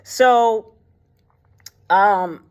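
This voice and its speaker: A woman's voice: medium pitch, extremely slow. Woman host, casual faith talk, colloquial and blunt, retells stories with acted quotes, frequent fillers.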